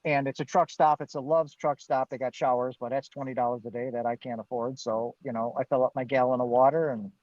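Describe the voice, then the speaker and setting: A man's voice: mid-range voice, steady tone, a little fast, hardly any pauses, darkish tone, no room sound. A man, a guest on a live Q&A, telling his own story with animation, acting out what he and others said and laughing now and then. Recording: dull, dry lo-fi stream audio.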